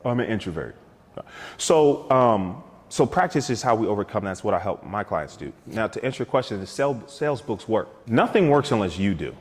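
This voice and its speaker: A man's voice: lowish voice, fairly quick, hardly any pauses, slightly rough, long reverb tail. A man talking as a guest sales coach on a talk show, telling stories with energy and acting out both sides of sales conversations. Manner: energetic, storytelling, acts out sales dialogues.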